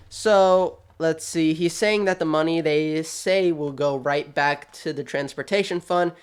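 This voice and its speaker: A man hosting his channel, giving quick, chatty, animated commentary with a sassy streak, talking straight at the people he discusses. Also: on the high side, clear, resonant tone. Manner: quick, chatty, restarts often. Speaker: channel host. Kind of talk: casual video commentary.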